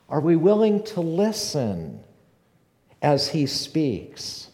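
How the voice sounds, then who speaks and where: A man preaching a sermon as pastor, passionate and building to loud emphatic repetition. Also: on the high side, very animated, slow pace, long reverb tail. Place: church sanctuary.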